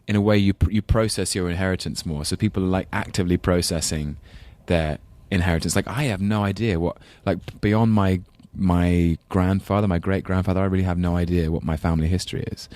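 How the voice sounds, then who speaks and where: A deep-voiced man with a London English accent chats as a podcast guest. He talks thoughtfully and often stops to restart his sentences. His voice sounds close and dry. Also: steady tone, a little fast, hardly any pauses, a little mellow, no echo. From England. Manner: thoughtful, hesitant, full of ums and restarts. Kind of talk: casual interview chat.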